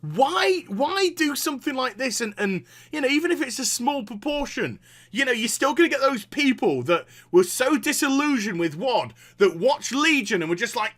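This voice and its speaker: A man's voice: very high-pitched, sing-song, brisk, a bit bright. A man giving a profane, exasperated reaction commentary as a gaming vlogger, sarcastic and cutting.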